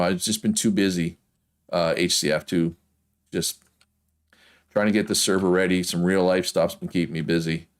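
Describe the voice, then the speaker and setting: A man from Prince Edward Island with a strong Canadian East Coast accent, chatting casually and rambling with frequent laughs while playing a game. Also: deep voice. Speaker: gaming streamer.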